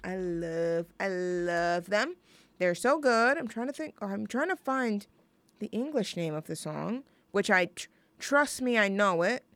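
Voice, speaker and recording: A woman's voice: mid-range voice, measured pace, fairly bright tone, dry recording. A young woman hosting a student radio show, chatting casually between songs in a rambling, self-deprecating, jokey way. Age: young adult.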